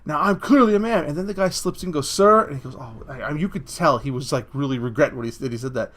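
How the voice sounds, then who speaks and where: A man's voice: mid-range voice, steady tone, racing, fairly bright tone. A man delivering a blunt opinion rant as a vlogger, speaking crudely and rambling through restarts, often tacking "okay?" onto his points.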